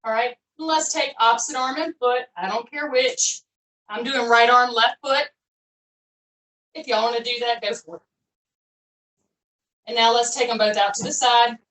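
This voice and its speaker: A cheerful woman coaches a pilates session, cueing moves in a chatty, folksy way. Her voice sits a little high and lifts on her praise. The sound is roomy, picked up from a distance across an echoing space. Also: steady tone, moderate pace, pauses often, a bit bright. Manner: upbeat, chatty, encouraging coaching with folksy phrases. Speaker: fitness instructor. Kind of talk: live online workout class cueing. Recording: echoey room, voice from far off.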